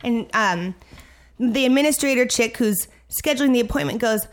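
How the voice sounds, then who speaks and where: A young adult woman co-hosting a podcast tells a story in casual chat, animatedly acting out the voices of the people in it. Her voice is a little high and brisk.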